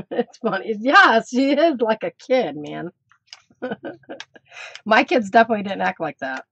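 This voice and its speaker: A woman's voice: on the high side, expressive, measured pace, creaky, a bit bright, breathy edge, no room sound, muffled recording. A middle-aged woman chatting on a casual craft live stream, teasing her dog and laughing often. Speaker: craft channel host.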